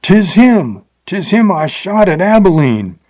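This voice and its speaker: A man's voice: mid-range voice, expressive, unhurried, darkish tone. A man voicing a boastful, threatening male gunslinger of the Old West in an audiobook. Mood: terrified.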